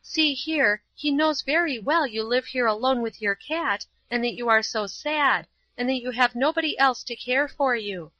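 An earnest, kind young woman who pleads warmly and eagerly, as a woman reader voices her. The voice is bright and high. The recording is dry and somewhat dull. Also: lively intonation, unhurried, dry recording, heavily acted. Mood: earnest, pleading.

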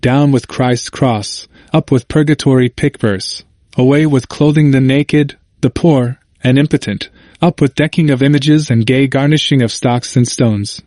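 A fiery reformer preacher with a biting, ironic edge, as a man reads him aloud. He lands his points with steady emphasis from the pulpit of a storybook. The voice sits at an ordinary pitch and sounds dry and close. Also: measured pace, dry recording, natural voice. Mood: preaching, ironic. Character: zealous male reformer preacher, sharp irony.

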